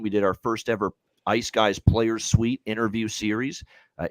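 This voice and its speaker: A man's voice: mid-range voice, fairly bright tone, no echo. A man hosting a sports betting podcast, talking in a loose, chatty way with casual swearing. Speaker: host of sports betting show.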